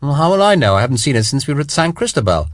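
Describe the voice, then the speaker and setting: A man's voice: medium pitch, very animated, moderate pace, no echo, studio quality, pitched above the performer's own voice. A man reading an audiobook, voicing a blunt, evasive soldier in short, clipped replies. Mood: guarded. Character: terse, guarded soldier, blunt and dry. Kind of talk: audiobook character voice.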